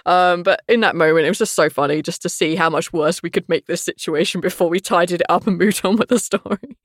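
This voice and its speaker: A woman's voice: lowish voice, fast, no echo, studio quality. A woman who runs a tabletop game, chatting frankly on a podcast, swearing freely and laughing often. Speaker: dungeon master. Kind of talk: casual podcast chat.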